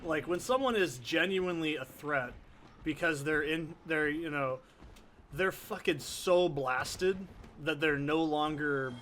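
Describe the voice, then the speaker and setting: A man's voice: fairly high pitch, sharp tone, slight background noise. A young man doing casual, profane, rambling gameplay commentary from his home desk mic. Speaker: let's play commentator. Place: soundproofed home corner. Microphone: desk condenser mic.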